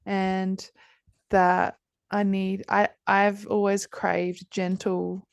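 A woman's voice: medium pitch, level tone, very slow, creaky, dry recording. A woman, telling her story as a podcast guest in a candid, chatty way, swearing freely and often restarting her sentences. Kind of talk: casual conversation.

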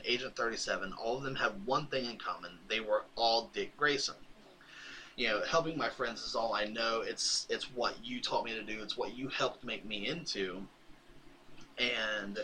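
A man's voice: mid-range voice, sharp tone, slight background noise, poor audio. A man co-hosting a podcast, casually retelling a comic book's story and quoting its characters with laughs along the way. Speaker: podcast co-host. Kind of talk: casual comic recap chat.

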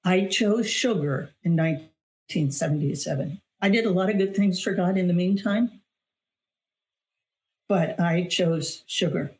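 A woman's voice: lowish voice, measured pace, darkish tone. A middle-aged woman, a guest on an interview show, telling a personal testimony in an earnest, emphatic way, often repeating phrases for weight. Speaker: guest, author and weight loss coach.

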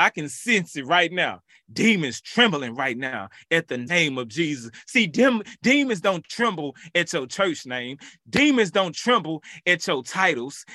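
A man in his thirties preaching devotionally, fervently chanting a name in call-and-response, then turning reflective and personal with soft laughs. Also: a little high, dry recording, studio quality. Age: 30s.

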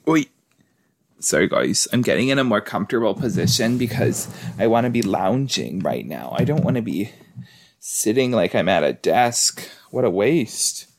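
A man's voice: lowish voice, big pitch swings, normal speed, gravelly, no room sound. A man hosting a casual watch-along podcast, chatting in a rambling way and talking to his listeners. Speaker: podcast host.

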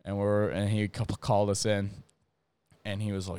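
Smooth-voiced young man telling stories. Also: lowish voice, flat delivery, moderate pace, mellow, no echo. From North Dakota. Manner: rambling, profane, lots of fillers and restarts. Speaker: podcast host. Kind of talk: casual storytelling monologue.

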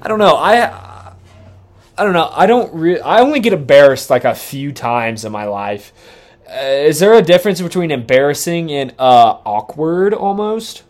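Boastful young man, swinging loud and high. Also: sing-song, moderate pace. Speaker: podcast co-host. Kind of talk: casual podcast chat.

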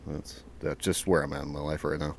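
A man's voice: a bass voice, little pitch movement, fairly quick, gravelly, husky. A man hosting a casual podcast from his closet, telling rambling stories and swearing freely. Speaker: podcast host.

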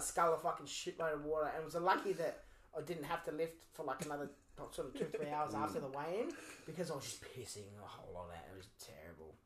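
A young Australian woman on a podcast who tells crude stories in casual chat, swearing constantly and laughing as she talks. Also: low-pitched. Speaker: podcast co-host. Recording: echoey room with crowd noise.

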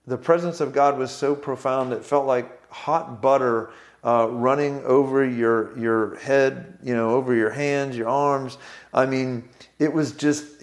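A man preaching, telling a story with frequent fillers and restarts. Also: medium pitch. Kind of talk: sermon testimony.

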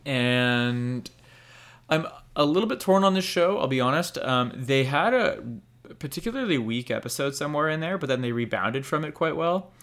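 A man's voice: fairly high pitch, animated, normal speed, fairly bright tone. Young guy cohosting a chill anime podcast, rambly and candid, drops the odd swear. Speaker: podcast co-host. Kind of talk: casual chat about anime.

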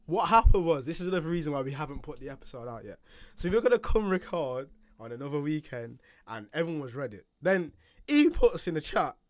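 A man's voice: fairly high pitch, big pitch swings, fast, dry recording, clean studio sound. A young man, co-hosting a podcast in casual banter, teasing and laughing often. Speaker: podcast co-host.

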